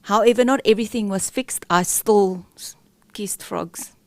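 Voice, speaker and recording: A woman's voice: mid-range voice, a little slow, no room sound. A middle-aged woman, a podcast guest, telling a candid, emotional personal story with many fillers and restarts.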